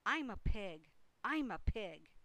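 A woman voicing a rowdy young boy who yells loudly in a storybook reading. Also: a little high, slow, no echo, voice pushed up. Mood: showing off. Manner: loud excited yelling.

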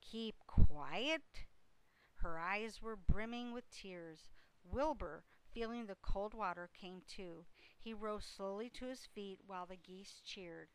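Woman slowly reading a children's story. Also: mid-range voice, a bit bright, clean tone, rough recording. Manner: slow, unhurried read-aloud with small slips. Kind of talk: reading a children's book aloud.

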